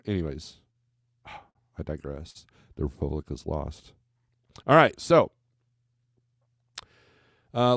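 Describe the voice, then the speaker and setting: A man's voice: fairly low pitch, darkish tone, dry recording, studio quality. A man hosting a casual livestream as a trucker, rambling through freight loads, reading viewer comments aloud and tossing in wry asides.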